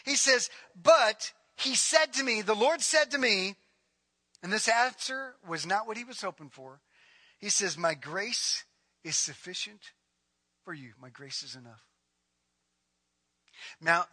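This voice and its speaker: A male pastor preaching a sermon in an animated, conversational way with casual asides. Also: sits high, no echo.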